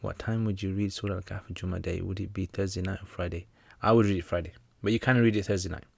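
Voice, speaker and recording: A man hosting a casual livestream Q&A, answering religious questions and reading viewer comments in a relaxed, joking manner. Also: deep voice, fast, gravelly, slightly rough, no room sound.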